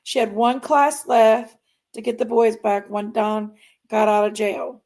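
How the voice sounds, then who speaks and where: A woman hosting a true crime stream. Her voice is fairly high and has a gravelly fry, and she talks slowly. She speaks straight to her viewers and often trails off or repeats herself. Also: level tone, darkish tone. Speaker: true crime channel host. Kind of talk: casual livestream commentary.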